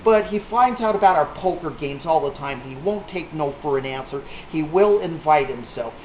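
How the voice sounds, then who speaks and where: A man's voice: a little high, lively intonation, moderate pace, slight background noise. Salty storytelling man, tinny echoey sound. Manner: rambling, salty, punchline-driven storytelling. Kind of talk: casual anecdote told to a small group. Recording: echoey room on a tinny lo-fi line.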